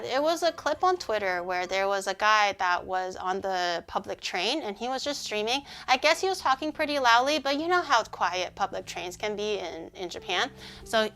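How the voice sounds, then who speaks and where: A woman streaming and chatting casually with her audience, rambling with lots of "like" and sounding animated and indignant. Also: a little high.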